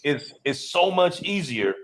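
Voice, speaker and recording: A man's voice: fairly high pitch, sing-song, measured pace, a bit bright. Man, motorcycle club member, podcast co-host; laid-back, explains patiently. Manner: laid-back, explaining with repeated "you know what I mean". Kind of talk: casual podcast chat.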